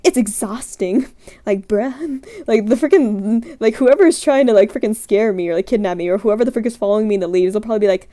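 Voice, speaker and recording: A woman's voice: medium pitch, a little fast, dark tone. A young woman streamer chatting casually, rambling and giggling as she reacts to scenarios. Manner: rambling, giggly, frequent "like" and "frick".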